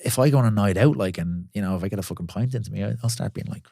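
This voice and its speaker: A man who is a guest on a podcast, talking candidly in quick bursts with lots of swearing and restarts. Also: on the low side, vocal fry, dark tone, dry recording, studio quality. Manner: swears freely, tells stories in quick bursts with many restarts. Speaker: podcast guest, pro wrestler and gym owner. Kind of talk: candid casual podcast chat.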